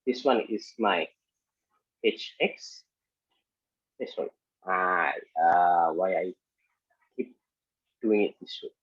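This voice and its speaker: A man lecturing on engineering statics in halting speech full of fillers and restarts, working through a problem step by step. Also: deep voice, husky, dry recording. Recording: muffled lo-fi audio.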